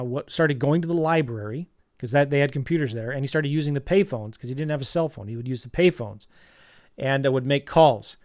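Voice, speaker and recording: Energetic man coaching a live webinar. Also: on the high side, no echo, studio quality. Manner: energetic, storytelling, rallying viewers to act. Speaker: real estate investing coach.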